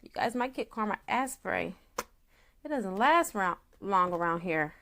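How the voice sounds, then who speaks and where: A woman reading tarot for her viewers, a naturopath who talks in an excitable, chatty way straight to the audience and slips into a solemn tone for invocations. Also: mid-range voice, unhurried, a little hiss or hum. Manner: solemn invocation voice when calling spirits.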